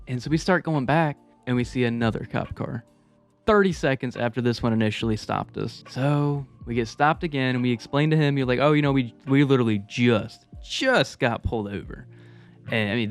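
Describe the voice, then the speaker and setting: A man's voice: medium pitch, smooth. A man telling a personal story to his viewers in a casual, laid-back, profane way, with chuckling asides. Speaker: storytelling vlogger.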